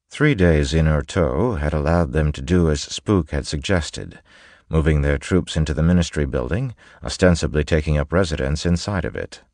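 A man narrating an audiobook with a steady, even reading. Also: extremely low pitch, moderate pace, no room sound, studio quality.

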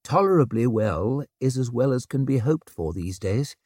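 A man voicing a poised, regal woman regent who speaks in a measured, composed way. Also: medium pitch, animated, a little mellow, breathy edge, no room sound, clean studio sound.

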